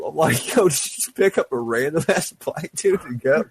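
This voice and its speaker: A man's voice: on the high side, expressive, normal speed, few pauses, husky, no echo. Man, casual podcast guest, loose rambling storyteller, lots of swearing, mid voice, dry close sound.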